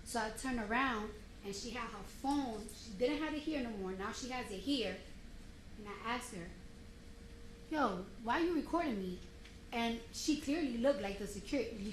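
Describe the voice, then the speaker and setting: A woman testifying in a courtroom, retelling a confrontation in a blunt, animated, slangy way and acting out what each person said. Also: a little high. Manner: blunt and animated, slangy street speech, acts out quotes. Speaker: witness testifying. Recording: roomy courtroom sound, faint noise.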